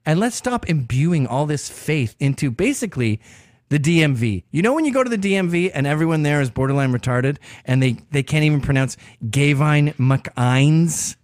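Loud-mouthed guy ranting on his podcast, crude and sarcastic, pitch jumping all over, dry close sound. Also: lively intonation, normal speed, no echo. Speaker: podcast host. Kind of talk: opinionated monologue.

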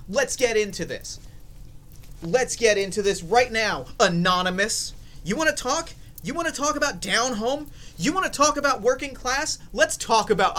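A man's voice: extremely high pitch, sharp tone. A young man hosting a comedic podcast, reading a listener's story aloud in a playful, mock-dramatic way. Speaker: podcast host.

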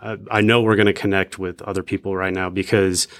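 A man sharing his faith testimony in casual chat, reflective and measured with frequent pauses and ums. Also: low voice, little pitch movement, fairly bright tone.

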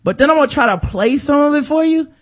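Animated, sarcastic male podcast host. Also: very high voice, quick pace. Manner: profane, sarcastic, animated storyteller. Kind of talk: casual chat.

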